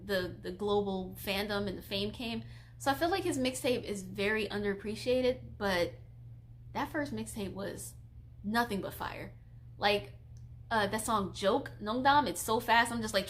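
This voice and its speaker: A woman's voice: medium pitch, a bit bright, a little hiss or hum. A woman in her twenties streaming casually, chatty and giggly, gushing like a fan while reading viewer questions. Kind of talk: casual live-stream chat.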